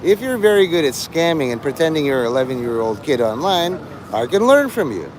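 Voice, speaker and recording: A man's voice: on the high side, sing-song, brisk, a little hiss or hum. A man live-streaming in a rambling, sarcastic and profane way, mocking a chat viewer. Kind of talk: rambling livestream banter.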